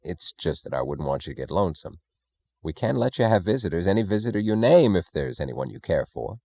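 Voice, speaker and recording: A fidgety, pleading male official, as a reader puts him on, deep and dark-toned, swooping pitch, dull muffled sound. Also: big pitch swings, brisk, gravelly, dry recording, heavily acted. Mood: falsely casual. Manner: pleading, fidgety, falsely casual. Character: anxious, evasive male government leader.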